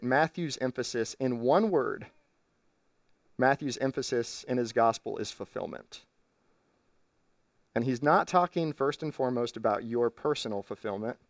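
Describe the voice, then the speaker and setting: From a church stage, a male pastor gives an earnest teaching sermon in an everyday middle pitch. The recording catches him from a distance, slightly off the mic, with a dry sound and no room ambience.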